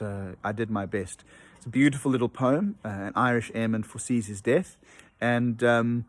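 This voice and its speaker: A man's voice: mid-range voice, dry recording. A man teaching an online lesson from home, explaining patiently with many ums and uhs and tapping out rhythms aloud. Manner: hesitant with frequent ums and uhs.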